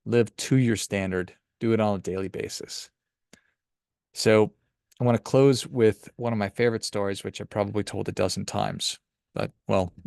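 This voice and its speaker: A man's voice: lowish voice, gravelly, no room sound, studio quality. A man hosting a money podcast, giving emphatic, encouraging advice about work and telling a story. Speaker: podcast host and financial advisor. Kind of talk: motivational podcast monologue.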